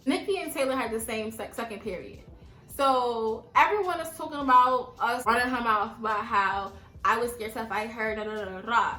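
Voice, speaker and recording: Animated young woman in an echoey room. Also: a little high, brisk. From New York. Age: 20s. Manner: animated, slangy storytelling with acted-out dialogue. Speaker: vlogger. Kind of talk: story time vlog.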